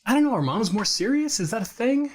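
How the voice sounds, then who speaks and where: Man, podcast co-host, animated storyteller, lively rising and falling pitch, acts out quotes. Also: fast. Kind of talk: casual chat, storytelling. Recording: studio recording of modest quality.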